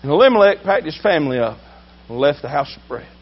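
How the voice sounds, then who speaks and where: A man preaching a sermon with emphasis, swinging between loud drawn-out shouts and low asides. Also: very animated, husky, muffled recording.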